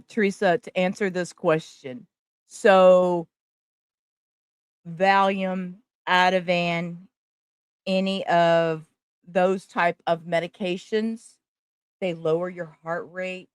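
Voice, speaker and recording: A woman's voice: fairly low pitch, no room sound, studio quality. A woman giving casual live commentary over courtroom testimony, chatty and full of asides. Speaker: livestream trial commentator.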